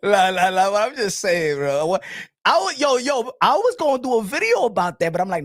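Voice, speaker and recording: High, animated man. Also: fast talker, no room sound, clean studio sound. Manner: animated, laughing, code-switching, repeats himself. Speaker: boxing live stream host. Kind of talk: casual live-stream chat.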